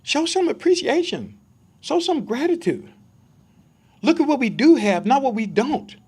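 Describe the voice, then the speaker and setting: A man's voice: very high-pitched, big pitch swings, a little slow, darkish tone. A man giving a conversational Bible study sermon, emphatic and full of rhetorical questions for his listeners.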